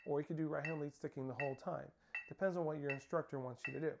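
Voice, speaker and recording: A man's voice: fairly high pitch, fast, background noise. A man teaching a snare drum lesson, counting beats aloud and calling out stickings and start cues. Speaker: percussion instructor. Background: snare drumming.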